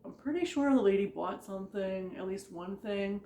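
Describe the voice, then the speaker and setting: A chatty woman rambles through her workplace stories, stacking up "like" and breaking into laughter as she goes. Her voice sits at an ordinary middle pitch and carries the echo of a roomy space. It sounds like a casual vlog told straight to the camera. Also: lively intonation, moderate pace, mellow. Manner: chatty, rambling, heavy use of "like", frequent laughter. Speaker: vlogger recounting retail work stories. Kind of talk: casual storytelling. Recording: echoey room.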